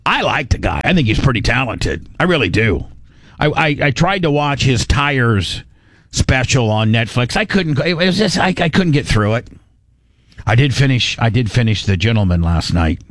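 A man's voice: medium pitch, sing-song, moderate pace, fairly bright tone, dry recording, clean studio sound. A man hosting a podcast, talking in casual commentary that rambles, with many restarts and repeated words, blunt and crude. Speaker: podcast host.

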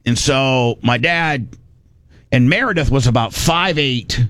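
A man's voice: mid-range voice, takes it slowly, a bit bright, no echo. A man from Indiana telling a rambling, folksy story in casual chat, slipping into voices for the people he quotes.

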